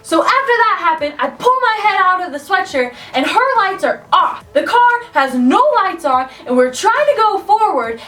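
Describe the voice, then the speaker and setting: A young woman with a high, bright-sounding voice tells a spooky personal story to her vlog audience, her delivery animated and climbing toward near-shouts at the tense parts. She sits a little back from the mic, so the sound is slightly distant. Soft music plays faintly underneath. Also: normal speed. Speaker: vlogger.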